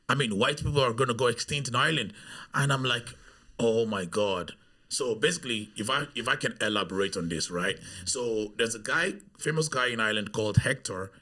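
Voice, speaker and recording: A man tells stories on a podcast, bringing each one to life by mimicking the voices of the people in them. His voice has a gravelly texture and a sharp, bright edge. The delivery is relaxed, chatty and conversational. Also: mid-range voice. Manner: animated, acts out the voices of people he quotes. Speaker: podcast guest. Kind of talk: casual storytelling.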